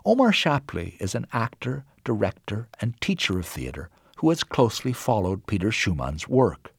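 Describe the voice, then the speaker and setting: A man reads documentary narration in a lowish voice that rises and falls expressively. The recording is dry and close, with no room sound. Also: creaky, breathy edge, dry recording. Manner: measured, expressive reading with wide pitch swings.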